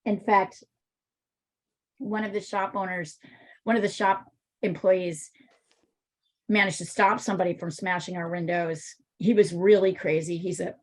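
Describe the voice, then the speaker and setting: A woman's voice: on the low side, low-quality recording. A woman teaching an art class, chatting casually and telling rambling stories.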